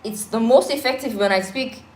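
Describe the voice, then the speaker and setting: Speaking at a normal speed, this native Korean speaker from Korea has a slightly high, somewhat dark voice that echoes around the room. She co-hosts a relaxed live chat at home while the power is out, staying earnest and thoughtful and mixing in bits of pidgin.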